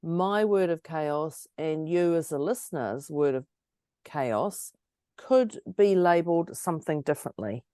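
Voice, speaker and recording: A woman co-hosting a podcast in a casual, chatty way, giggly and a little husky because her voice is going. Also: low voice, lively intonation, unhurried, dark tone, no room sound, studio quality. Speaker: podcast co-host. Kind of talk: casual motivational chat.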